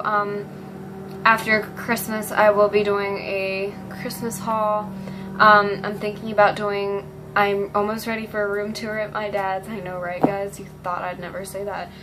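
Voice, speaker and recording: A woman's voice: mid-range voice, noisy background. A teenage girl vlogging casually, rambling and gushing with lots of ums. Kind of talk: casual fan vlog.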